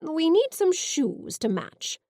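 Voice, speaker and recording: A woman voicing Alicia, a thoughtful, sharp elderly great-grandmother, in an audiobook. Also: very high voice, big pitch swings, dry recording, studio quality, pitched above the performer's own voice, exaggerated voice. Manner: thoughtful, measured.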